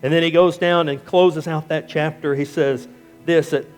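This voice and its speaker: A male pastor preaching a sermon emphatically, repeating phrases and dropping low and quiet on key words. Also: fairly even intonation, moderate pace, clean tone, soft background music.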